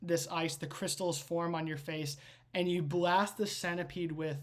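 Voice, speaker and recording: A woman's voice: fairly low pitch, fairly even intonation, measured pace. A woman game master narrating a tabletop game with vivid, rambling storytelling. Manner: vivid storytelling with frequent restarts.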